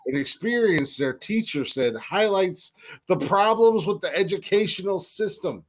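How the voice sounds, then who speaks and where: A man's voice: high-pitched, lively intonation, measured pace. A man co-hosting a comedy podcast, reading odd news headlines aloud with profane asides and frequent laughter. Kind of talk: crude comedic podcast banter.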